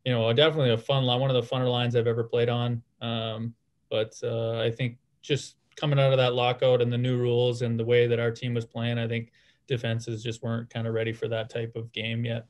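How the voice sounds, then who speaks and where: A man in his thirties answering interview questions in a relaxed way, with many fillers and restarts. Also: medium pitch, brisk. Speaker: guest, former hockey player.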